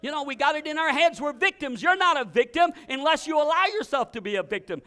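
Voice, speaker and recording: A man preaching a sermon as pastor, emphatic, repeating phrases in bursts and now and then shouting commands. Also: very high voice, lively intonation, fast talker, few pauses.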